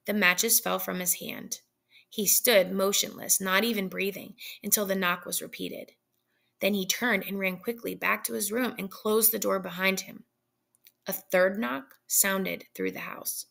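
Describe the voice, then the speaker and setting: A woman narrating a story aloud in a measured, suspenseful way. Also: mid-range voice, steady tone, vocal fry, fairly bright tone. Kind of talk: dramatic story reading.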